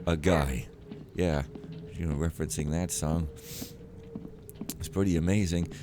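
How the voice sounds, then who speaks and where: A man's voice: a bass voice, fairly even intonation, measured pace, noisy background. A man giving casual gameplay commentary, rambling and cutting himself off as he rants. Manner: rambling, self-interrupting, ranting. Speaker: let's player.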